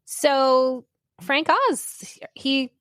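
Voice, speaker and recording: A woman's voice: high-pitched, little pitch movement, drawn-out words, fairly bright tone, no room sound, clean studio sound. A woman co-hosting a podcast in casual chat, sharing trivia and laughing often. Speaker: podcast co-host.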